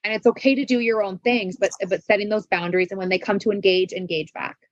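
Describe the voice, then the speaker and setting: A woman's voice: medium pitch, steady tone, fast, no echo, highs cut off. A woman giving parenting advice in an interview, earnest and coaching, asking many rhetorical questions and checking in with "right?". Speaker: parenting expert guest.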